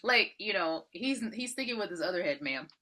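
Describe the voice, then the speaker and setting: A woman co-hosting a podcast, casually recapping a film, animated and profane as she acts out characters' lines. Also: lowish voice, fairly quick. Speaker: podcast co-host. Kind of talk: casual movie recap chat.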